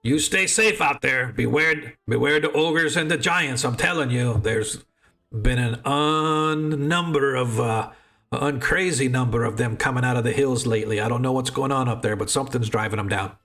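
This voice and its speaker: A man's voice: medium pitch, moderate pace, sharp tone, faint music behind. A man voicing a gossipy, friendly tavern patron who chats and gives warnings. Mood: chatty.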